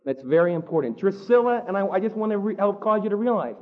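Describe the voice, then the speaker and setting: A man preaching a sermon, animated, acting out the quotes he tells. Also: high voice, fast, muffled recording. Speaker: pastor.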